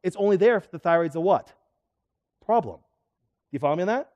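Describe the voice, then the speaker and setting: Middle-aged man, chiropractor lecturing a crowd, fairly high voice, animated, question-and-answer style. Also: fairly quick, lo-fi sound. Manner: animated, asks the audience questions. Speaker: chiropractor giving a health talk. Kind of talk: live seminar lecture to an audience.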